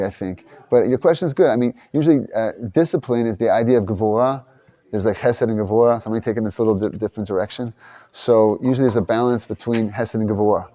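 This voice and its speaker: A man's voice: lowish voice, mellow, highs cut off. A man leading a casual Torah class discussion, loose and rambling, thinking aloud with frequent restarts. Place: study hall.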